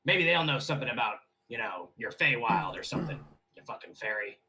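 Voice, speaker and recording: A man voicing a gruff, rude male bartender in a tavern, speaking in a sneering drawl. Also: medium pitch, expressive, brisk, a crowd in the background, close to an everyday voice, poor audio.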